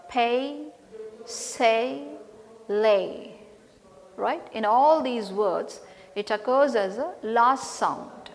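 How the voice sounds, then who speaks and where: Slow, careful woman teaching pronunciation. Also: fairly high pitch, big-room sound. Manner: repeats each sound and word list slowly, checking in with "right?". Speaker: English lecturer. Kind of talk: slow, deliberate pronunciation lesson.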